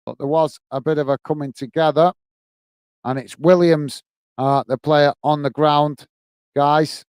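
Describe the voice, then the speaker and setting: This British streamer hosts a football watch-along, narrating the match, reading out comments and thanking viewers by name. His slightly high voice is steady, a little slow and a little mellow, with a clean tone and clean studio sound free of room sound. He's friendly and rambling, with many fillers and restarts.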